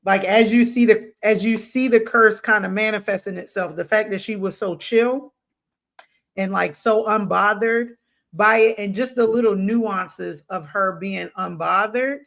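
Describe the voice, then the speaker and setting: High-voiced man with a gravelly edge. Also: unhurried, a bit bright. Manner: rambling, many fillers and restarts. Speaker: podcast co-host. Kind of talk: casual chat.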